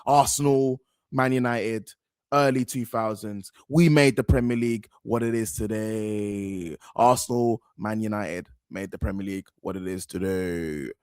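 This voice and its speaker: A man's voice: medium pitch, dry recording, studio quality. A young man, giving slangy, rambling, outspoken reaction commentary as a football fan host.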